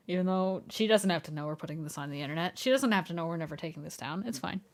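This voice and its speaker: A young woman streamer in casual livestream chat at home, laughing often and talking in a soft, coaxing way. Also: fairly low pitch, a little fast. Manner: giggly, laughs often between sentences; soft, coaxing voice when calling her dog. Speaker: live streamer.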